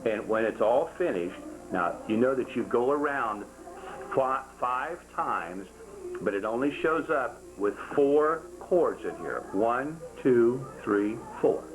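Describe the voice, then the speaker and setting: A man's voice: medium pitch, lively intonation, slow, music in the background, low-quality recording. Folksy older man teaching a craft. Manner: folksy, jokey, repeats himself, counts aloud. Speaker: rosary-making instructor. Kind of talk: hands-on craft demonstration.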